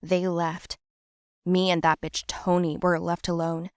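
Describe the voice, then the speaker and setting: A young adult woman telling a scripted first-person story in a plain, steady way. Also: fairly low pitch, measured pace, no echo, studio quality. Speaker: narrator.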